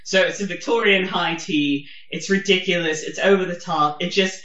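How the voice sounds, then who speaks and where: A woman with a posh English accent, co-hosting a podcast in casual chat, animated and swearing freely. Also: fairly low pitch, moderate pace, roomy sound, muffled recording. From Germany. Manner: animated, swears and laughs often. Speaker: podcast co-host.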